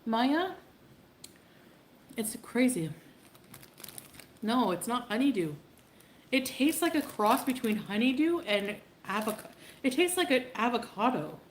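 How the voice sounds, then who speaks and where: A woman's voice: a little high, sing-song, measured pace, pauses often. Woman, casual livestream chat, chatty, laughs often, echoey room, faint background hiss. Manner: chatty, laughing, greets chat viewers by name. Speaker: livestreamer in a played clip.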